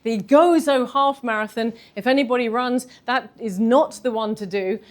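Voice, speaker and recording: A woman, telling a candid personal story in a talk, animated and self-deprecating. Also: on the high side, moderate pace. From London. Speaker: speaker giving a talk.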